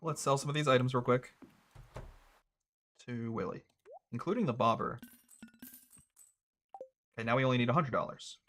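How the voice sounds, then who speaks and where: A young man casually commentating his own gameplay, thinking out loud with a wry, chatty manner. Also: medium pitch, moderate pace, pauses often, soft background music. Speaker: gaming streamer. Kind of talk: casual let's-play commentary.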